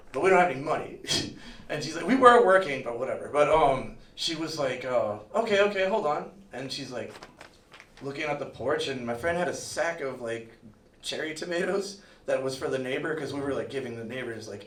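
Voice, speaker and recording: A man's voice: medium pitch, moderate pace, fairly bright tone. A man from Miami tells a personal story at a live storytelling night, talking loosely with lots of fillers, recorded in an echoey room from far off. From Miami, USA. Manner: rambling, loose, full of "like" fillers. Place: museum event room, live audience.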